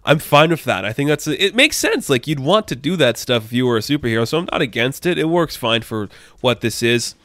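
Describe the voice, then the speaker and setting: A man's voice: mid-range voice, sing-song, brisk, hardly any pauses, a bit bright, dry recording. Rambling young man reviewing a comic. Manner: rambling, filler-heavy, enthusiastic.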